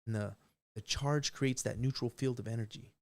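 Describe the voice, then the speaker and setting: A man in an unscripted live stream monologue, talking at an everyday middle pitch. He swears freely, stumbles through restarts and repeats phrases for emphasis. His delivery is rambling and insistent. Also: normal speed. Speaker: livestream host.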